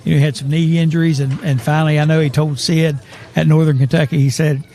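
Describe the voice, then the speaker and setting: A man's voice: on the high side, flat delivery, fast, dark tone. A man hosting a casual sports talk show, rambling and chuckling as he tells stories. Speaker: host.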